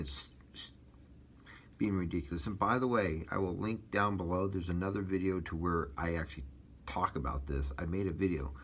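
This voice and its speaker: A man's voice: sits low, a bit bright, husky. A man telling his personal testimony as a taxi driver, rambling casually with many fillers and restarts.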